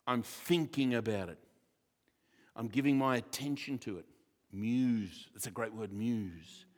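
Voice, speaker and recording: A man who is a church pastor, preaching a sermon with jokes and lively asides. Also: mid-range voice, a little slow. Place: church hall. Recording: reverberant church hall.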